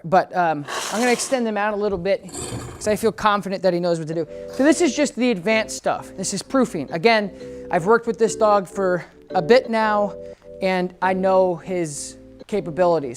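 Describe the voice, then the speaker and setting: A woman's voice: medium pitch, moderate pace. A woman dog trainer talking through a training demonstration in a casual, explanatory way. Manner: chatty and explanatory, with frequent restarts. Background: background music.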